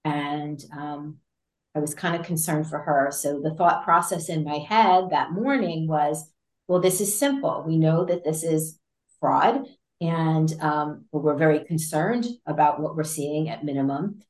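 A woman with a notably low voice recounts her story as an interview guest. She talks animatedly, laughing often and circling back with fillers and restarts. The recording has a roomy, echoey sound. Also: a little slow. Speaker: interview guest, patient advocate. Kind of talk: conversational storytelling. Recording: roomy echo.

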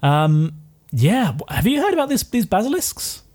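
A man's voice: high voice, big pitch swings, normal speed, darkish tone, pitched above the performer's own voice. A man voicing a flustered, chatty male surgeon shrunk inside a body, rambling and apologetic.

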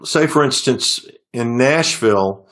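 A middle-aged man speaks in a relaxed, conversational way. His pitch sits right at the middle for a man. He rambles through stories, restarting his sentences and filling pauses as he goes. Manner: rambling storyteller with frequent restarts. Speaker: singer-songwriter guest. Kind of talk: casual interview talk.

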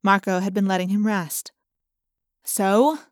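A woman narrating an audiobook in first person with clear, steady storytelling on a close studio mic. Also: mid-range voice, normal speed, no room sound.

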